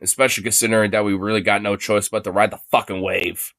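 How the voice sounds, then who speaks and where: A man's voice: lowish voice, little pitch movement, fast, creaky, fairly bright tone, no room sound. A man streaming his reaction to a debate clip, swearing heavily and rambling in a mocking, casual way. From Irish descent claimed, not origin. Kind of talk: casual profane commentary.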